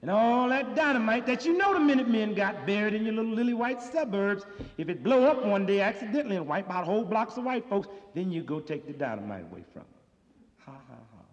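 Recorded live years ago in a reverberant hall with dull sound, a stand-up comedian speaks in a high, animated voice at a quick pace. His streetwise, sardonic material rises into emphatic outbursts.

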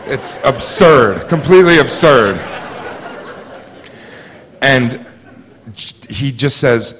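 A man with a low voice tells a personal story live on a theater stage. He speaks quietly and intensely, with halting restarts. The long reverb of the hall trails behind each phrase. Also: slightly rough.

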